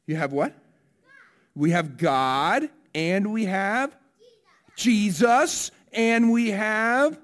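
A man leads a church service and keeps asking the congregation questions. He talks in a lively way, and his voice sits a little above the usual male pitch. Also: extremely slow. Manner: lively, asks listeners questions. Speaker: pastor. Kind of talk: children's message then sermon.

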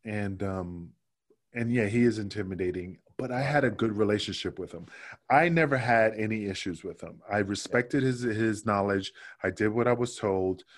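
A middle-aged man, a former wrestler, telling stories loosely and profanely as a podcast guest. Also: on the low side. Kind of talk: casual podcast chat.

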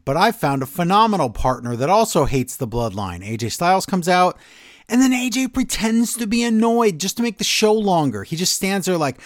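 A man's voice: high-pitched, very animated, moderate pace, no room sound, studio quality. A man co-hosting a wrestling podcast, ranting in an exasperated, sarcastic way in casual chat. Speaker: podcast co-host.

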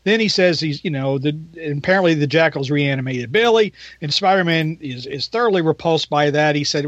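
A man's voice: a little high, expressive, normal speed, a bit bright, no echo, dull audio. A man co-hosting a podcast, retelling a comic book in a rambling way, laughing and acting out quotes. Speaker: podcast co-host. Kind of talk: casual comic review chat.

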